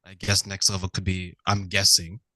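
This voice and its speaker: A man hosting a live-stream interview, asking questions in a relaxed, tentative way. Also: low-pitched, normal speed, no echo. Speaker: show host.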